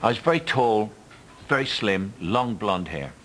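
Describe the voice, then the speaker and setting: An older Cockney man with a low voice, spinning anecdotes in a relaxed interview. He drops into other people's voices whenever he quotes them. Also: a little slow, slight background noise, rough recording. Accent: Cockney London. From England. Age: 70s. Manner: storytelling, mimics others in quotes. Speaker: interviewee actor. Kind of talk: casual anecdotal chat.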